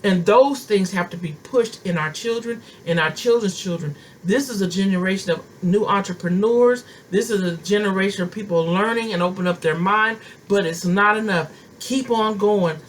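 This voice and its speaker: A woman's voice: mid-range voice, normal speed, hardly any pauses, a little hiss or hum. A middle-aged woman prophetess preaching a sermon, impassioned and driving her points home with emphatic repetition.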